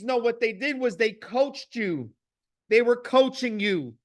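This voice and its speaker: Sex: man. Role: motivational speaker. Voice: very high-pitched. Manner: preachy, emphatic, repetitive. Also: unhurried. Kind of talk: motivational speech with storytelling.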